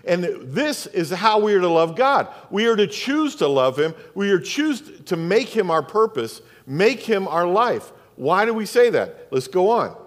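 A male pastor delivers a sermon in a conversational style, asking his congregation questions as he goes. His voice sits notably high for a man. The recording carries the long, ringing reverb of a church sanctuary. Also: big pitch swings, unhurried, hardly any pauses. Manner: conversational preaching with rhetorical questions.

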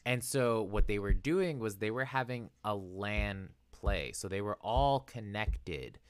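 Animated young man telling a story. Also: on the low side, a little slow, clean tone, no echo, clean studio sound. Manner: animated storyteller, acts out quotes, laughs often. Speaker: podcast co-host. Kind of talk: casual chat.

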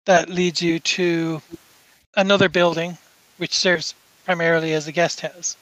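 High, bright-voiced male game master. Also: level tone, no room sound, poor audio. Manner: halting, filler-heavy narration. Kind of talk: narrating a tabletop game.

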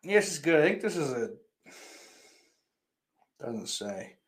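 A man's voice: on the high side, big pitch swings, slow. A man hosting his own movie vlog in loose, profane, rambling chat, trailing off and restarting. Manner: profane, rambling, offhand, full of fillers. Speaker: channel host showing his movie purchases.

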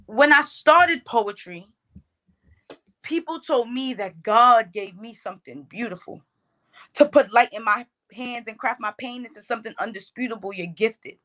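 A woman's voice: a little high, normal speed, sharp tone. A woman performing her own spoken word poem, with a rhythmic, emphatic delivery. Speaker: poet.

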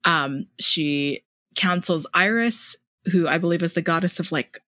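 A bright, sharp-edged voice belongs to a podcast co-host who laughs easily and stumbles a little when reading notes aloud. The sound is close and dry. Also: mid-range voice, unhurried, no echo. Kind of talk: casual comedic chat.

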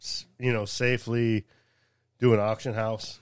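A man's voice: little pitch movement, measured pace, clear, resonant tone, no room sound, clean studio sound. Hesitant male podcast guest. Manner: hesitant, filler-heavy, low-key. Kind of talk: casual chat. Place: studio.

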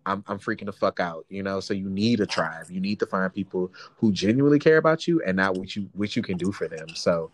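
Earnest young man, lowish voice. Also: brisk, few pauses, no room sound. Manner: animated, earnest, slangy. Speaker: podcast co-host. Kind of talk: casual chat.

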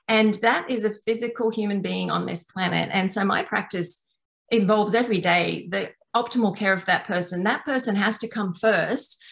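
A woman speaking earnestly and gently about self-care in long, flowing sentences that restart mid-thought. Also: medium pitch. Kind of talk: reflective personal talk.

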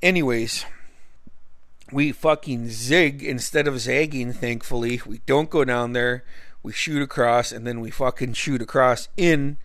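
A man's voice: mid-range voice, measured pace, a bit bright, no echo. A man from Alaska telling a rambling personal story in a casual way, swearing heavily and using lots of fillers. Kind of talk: casual spoken anecdote.

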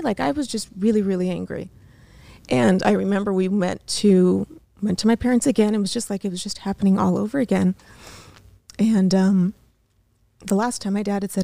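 A woman in her thirties, a podcast guest in a studio, telling a painful personal story haltingly, with many fillers and restarts. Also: medium pitch, steady tone, gravelly, mellow, no echo.

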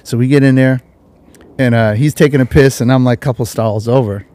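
A man's voice: medium pitch, steady tone, brisk, mellow. A man hosting a podcast, telling a casual story full of slang and acting out the voices of the people in it. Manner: laid-back slangy storytelling, acts out voices in quotes. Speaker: podcast host.

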